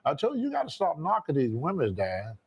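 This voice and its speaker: A man's voice: a little high, huge pitch swings, brisk, creaky, a crowd in the background. Laid-back older male guest. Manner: laid-back chuckling banter, reads viewer comments.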